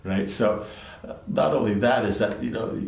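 A man's voice: medium pitch, brisk, gravelly. A man teaching, reading scripture aloud with commentary and rambling asides full of restarts. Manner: rambling, many restarts and "you know"s. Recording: roomy echo.

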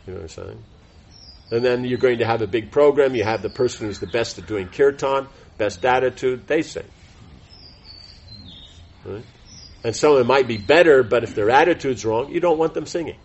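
A man's voice: medium pitch, moderate pace, pauses often, slightly rough, lo-fi sound. A man teaching a devotional class in an informal, rambling way, full of fillers and self-corrections. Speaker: spiritual teacher giving a class.

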